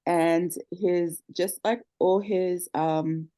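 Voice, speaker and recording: Low, mellow-voiced woman on a group call. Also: fairly even intonation, very slow. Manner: earnest, many fillers like um and like. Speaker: group member. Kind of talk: casual group video call.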